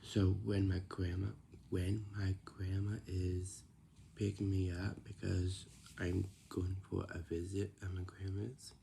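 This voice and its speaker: A man's voice: low voice, flat delivery, takes it slowly, vocal fry, dark tone, slight background noise. A man chatting casually and rambling, repeating himself and often restarting his sentences.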